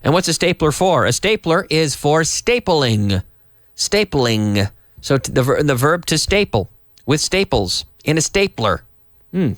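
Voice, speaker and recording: Middle-aged male English teacher from Canada, slightly high voice, very animated delivery, dry booth sound. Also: unhurried, dry recording. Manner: animated, acts out example sentences with big question intonation. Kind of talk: English lesson for Spanish speakers.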